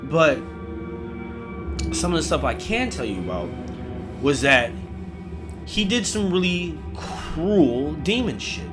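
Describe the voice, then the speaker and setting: A man telling a crude comic ghost story in a lively voice that swings up and down in pitch, voicing each character as he goes. His talk runs at a fairly high pitch, with music playing under him. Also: takes it slowly, pauses often. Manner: animated, profane, acts out every character. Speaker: storyteller host.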